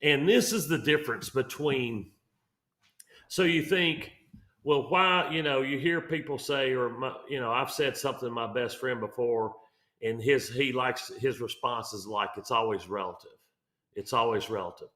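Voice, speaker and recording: A man's voice: medium pitch, unhurried, bright, forceful tone, roomy sound. A man talking through mortgage numbers on a real estate show, rambling with lots of fillers and restarts. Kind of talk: casual podcast explainer.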